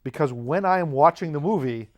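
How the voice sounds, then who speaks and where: A man's voice: a little high, lively intonation, a little fast. Rambling, jokey man. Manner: rambling, self-interrupting, jokey. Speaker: show host. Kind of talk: casual comedic monologue.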